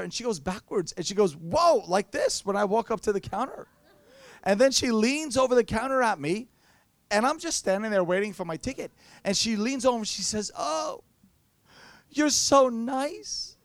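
Man, preacher, sermon, high voice, playful storyteller, dry recording. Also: no echo. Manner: playful storytelling with acted-out quotes.

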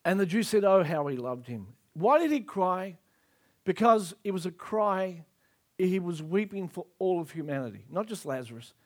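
A man preaching a sermon in a fairly high voice that rises and falls a great deal. He speaks emphatically and acts out the scripture scenes as he goes. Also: animated, moderate pace.

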